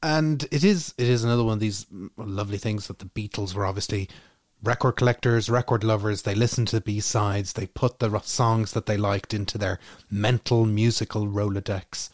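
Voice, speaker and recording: A podcast co-host muses wryly through his points in casual chat, his lowish, slightly mellow voice fairly even in intonation at a moderate pace. The studio sound is clean, with no echo.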